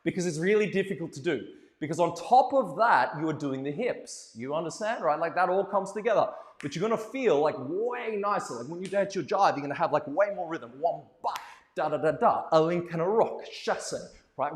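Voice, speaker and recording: A man with a fairly high voice runs a playful, animated ballroom dance lesson, cracking jokes and counting the rhythm out loud. His voice bounces around an echoey room with a long, ringing reverb. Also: fairly quick. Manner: playful, animated, joking asides, counting beats aloud.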